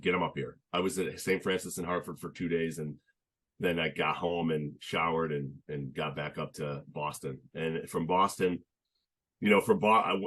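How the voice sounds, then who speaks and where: A young man chatting as a podcast guest, telling his story in an earnest, halting way with many restarts. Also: low-pitched, fairly bright tone. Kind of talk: casual conversational storytelling.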